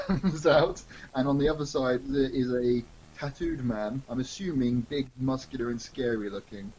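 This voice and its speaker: A man bantering in an improvised comedy podcast, firing off deadpan quips. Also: medium pitch, unhurried, slightly rough, poor audio. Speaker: co-host playing along in an improvised story.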